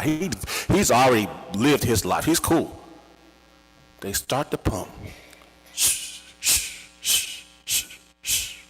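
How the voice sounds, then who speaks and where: A man with a husky, low voice tells a personal story live. He draws out his words slowly and builds drama and emotion. The sound rings with long reverb from a large hall. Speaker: storyteller and podcast host.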